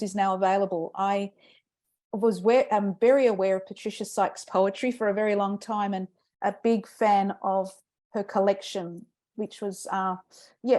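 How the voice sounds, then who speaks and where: A woman's voice: mid-range voice, a little mellow. Woman host, mid-range voice, casual introduction. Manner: reads a bio, then talks loosely with fillers. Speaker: open mic host. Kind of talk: introducing a reader.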